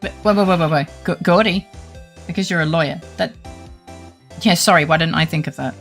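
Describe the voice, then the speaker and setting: A woman's voice: low-pitched, fairly quick, faint music behind. A woman streamer giving casual, joking commentary and reading game dialogue aloud, often swearing and laughing.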